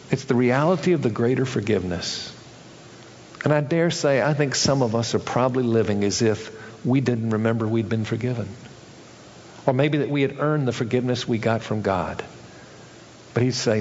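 A man's voice: a little mellow, long reverb tail, lo-fi sound, a little hiss or hum. A male pastor preaching a sermon, acting out the people in a parable with changes of voice. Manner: acts out characters in a story, shifting pitch for each.

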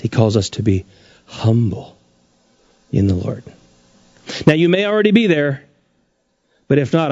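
A man preaching a sermon as pastor, his pitch rising and dropping sharply for emphasis. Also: a little mellow, no echo, highs cut off.

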